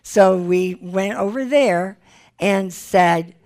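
Speaking slowly in a medium-pitched voice, a woman shares a personal testimony within a teaching, telling her story animatedly and acting out what other people said.

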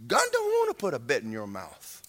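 A man preaching a sermon, animated, acting out voices and rising to shouts at the peaks. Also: medium pitch, a little fast.

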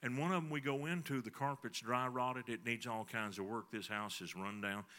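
A man's voice: mid-range voice, fairly even intonation, normal speed, pushed and bright. A middle-aged man, preaching a sermon in a folksy storytelling way and talking to the congregation. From Texas. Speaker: pastor.

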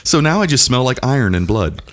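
A man in his thirties hosts a loose, crude comedy chat with his friends. His pitch swings widely as he tells stories, and he jumps up high when he mimics his wife. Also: big pitch swings, brisk. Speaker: podcast host.

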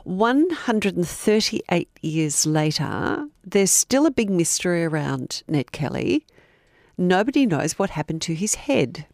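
A woman's voice: lowish voice, big pitch swings, a little slow, a little mellow, no room sound, clean studio sound. Woman telling a story. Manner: playful, puts on mock voices in quotes. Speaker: podcast co-host telling a story. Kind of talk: casual storytelling chat.

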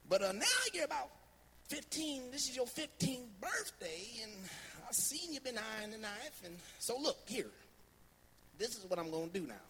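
A preacher doing a high-pitched Southern grandpa. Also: male voice, a little hiss or hum. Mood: folksy warning. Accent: Southern US twang. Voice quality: high-pitched, voice rising when excited. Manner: folksy, drawn-out warning. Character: older Southern grandfather, fisherman, stern and fond.

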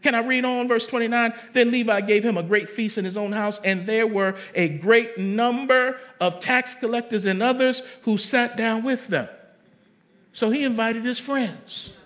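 A man pastor preaching a sermon, emphatic, swinging between loud calls and soft words. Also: very high voice, normal speed.

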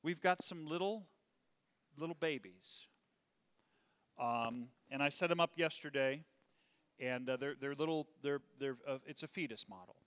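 Male pastor preaching, bright forceful voice, kinda high, lots of church echo. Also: measured pace, long pauses, clear, resonant tone. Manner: emphatic, stretches key words, asides and chuckles. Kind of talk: sermon. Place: church sanctuary. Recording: long reverb from a church hall.

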